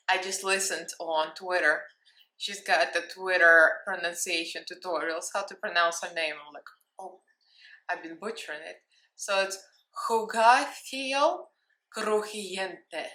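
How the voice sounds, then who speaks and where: A woman in her thirties with a Russian accent hosts her own makeup tutorial, chatting playfully and giggling. Her voice is on the low side with a sharp tone, and the room sounds echoey.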